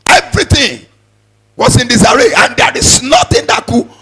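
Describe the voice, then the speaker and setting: A male preacher giving a sermon in a sing-song cadence, repeating words as he builds and breaking into sudden shouts. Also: very high-pitched, wildly swooping pitch, moderate pace, slightly rough.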